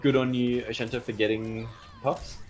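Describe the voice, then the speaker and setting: A man casting a live esports match, chatty and excitable, breaking out in sudden cheers. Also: medium pitch, moderate pace. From Australia. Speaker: esports caster. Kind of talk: live esports play-by-play commentary.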